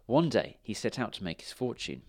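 Animated man reading a children's book. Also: fairly low pitch, a little fast, creaky, dry recording, clean studio sound. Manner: expressive, animated read-aloud. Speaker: reader. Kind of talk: reading a children's storybook aloud.

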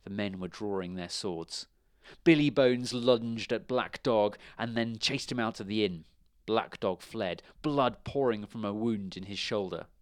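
A man reading a children's storybook aloud in a measured, expressive way. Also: on the low side, clean tone, no room sound, studio quality.

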